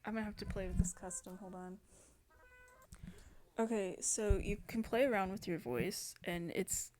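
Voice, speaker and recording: A woman's voice: mid-range voice, moderate pace, a little mellow. A young woman hosting a gaming channel, chatting casually over gameplay, rambling with many fillers and restarts.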